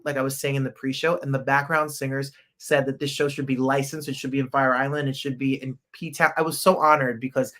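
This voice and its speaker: Male podcast host, casual rambling chat, eager and excitable delivery. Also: a little high.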